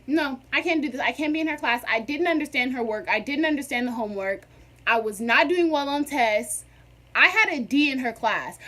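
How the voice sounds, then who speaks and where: High, bright young woman telling a story. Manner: animated, dramatic storytelling with sassy asides. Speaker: vlogger. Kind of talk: casual storytime.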